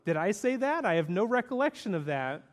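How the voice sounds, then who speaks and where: A man's voice: sits high, big pitch swings, brisk. A man voicing a forgetful, scatterbrained female fish who cannot recall anything, in an echoey hall. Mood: befuddled. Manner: confused, befuddled.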